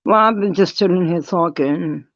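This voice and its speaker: A woman vlogger telling a personal story in a blunt, profane, animated way. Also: fairly low pitch, moderate pace, no room sound, lo-fi sound. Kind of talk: casual storytelling.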